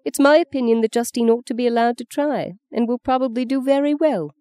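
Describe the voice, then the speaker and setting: A woman reading aloud and voicing a stern, commanding elderly grandmother with a brisk, precise way of speaking. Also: a little high, mellow, clean tone, pitched above the performer's own voice, natural voice. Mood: scolding. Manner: brisk, precise, lightly scolding.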